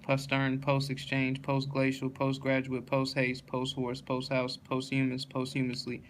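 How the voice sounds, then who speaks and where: Male reader, flat monotone word list, faint hiss behind. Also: mid-range voice, unhurried. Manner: flat, monotone listing with self-corrections. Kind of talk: reading a dictionary word list aloud.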